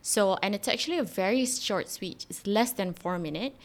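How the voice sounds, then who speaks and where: Woman podcast host, casual animated storyteller. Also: medium pitch, normal speed. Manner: chatty, animated retelling with frequent fillers. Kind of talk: casual conversational explanation.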